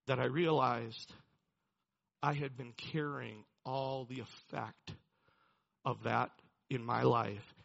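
A man's voice: medium pitch, gravelly, a bit bright, husky, dull audio. A man preaching a sermon, telling a personal story in an earnest way and building to emphatic preaching. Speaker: pastor.

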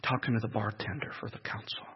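A man telling a personal testimony in an emotional, halting way, repeating words as he goes. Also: fairly low pitch, little pitch movement, husky. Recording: echoey hall, dull lo-fi sound.

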